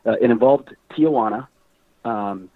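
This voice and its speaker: A man casually telling military stories on a podcast, animated and swearing, acting out shouted quotes. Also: mid-range voice, measured pace, dry recording. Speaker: podcast guest. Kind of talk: casual storytelling. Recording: dry, tinny phone-like sound.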